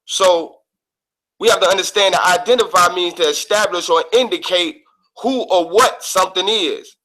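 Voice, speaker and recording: A man calmly teaching over a call, breaking his subject down word by word. His voice sits slightly high and sounds bright and forward. The delivery is steady and methodical. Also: moderate pace, poor audio. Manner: calm, methodical, defines words step by step. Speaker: guest speaker. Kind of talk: lesson on an online call.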